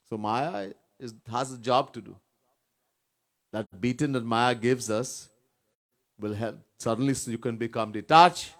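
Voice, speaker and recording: A man, a swami giving an informal sermon at a retreat, chatting, repeating himself and often asking "right?". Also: medium pitch. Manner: conversational, repeats words, asks "right?" often, chuckles. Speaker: swami leading a spiritual retreat.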